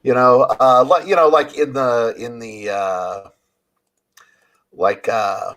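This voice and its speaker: A man's voice: medium pitch, steady tone, slow pace, fairly bright tone. A man talking as a player at a tabletop game, hesitant and searching for words with many fillers.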